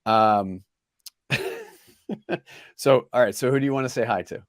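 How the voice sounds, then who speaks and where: A man's voice: mid-range voice, wildly swooping pitch, slow, no room sound, studio quality. A man hosting a casual interview chat, joking and self-deprecating. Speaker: podcast host.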